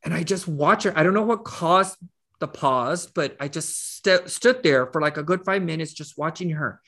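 A man's voice: a little high, moderate pace, a bit bright. A man, a nonprofit CEO, telling a personal story as a guest in an earnest, conversational way, with frequent restarts. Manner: earnest, with many restarts and fillers.

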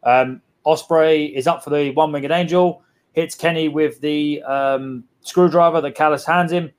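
A young man, co-hosting a casual podcast chat, excitable and sweary, rambling with lots of fillers. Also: fairly high pitch, unhurried. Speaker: podcast co-host.

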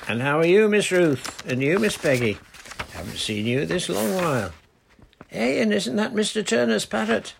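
A man's voice: sits high, lively intonation, creaky, a little hiss or hum, pitched above the performer's own voice, heavily acted. A man voicing a kindly old male charcoal burner with a homely, reassuring way of talking. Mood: friendly. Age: older. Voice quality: homely dialect, slow and reassuring.

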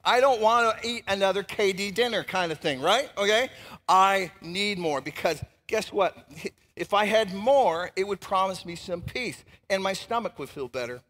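Male pastor, sermon, high voice, animated and emphatic, long church-hall reverb. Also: moderate pace. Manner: animated, emphatic, swings between loud and hushed.

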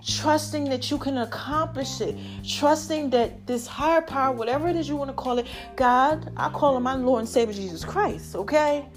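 A woman giving an animated faith-based pep talk to her viewers, preachy and chatty, calling them y'all. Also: high voice, moderate pace, hardly any pauses, soft background music. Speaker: vlogger.

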